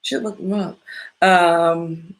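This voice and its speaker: Slow, gravelly woman rambling casually. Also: fairly low pitch, fairly even intonation. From Midwestern United States. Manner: rambling, profane, often loses her train of thought. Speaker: podcast host. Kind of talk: casual chat.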